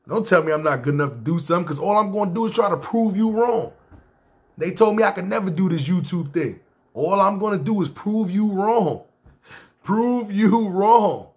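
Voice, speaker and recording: Streetwise New man, slightly high voice. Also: animated, fast talker. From New York. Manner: streetwise slang, tags lines with "man" and "see what I'm saying". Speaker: YouTube storyteller. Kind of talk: casual personal storytelling.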